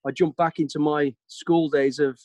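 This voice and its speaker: Guest speaker, man, Birmingham accent, lively and direct, dry video-call sound. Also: fairly high pitch, no room sound. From Birmingham, England. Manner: energetic, quick, plain-spoken. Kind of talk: informal talk on a video call.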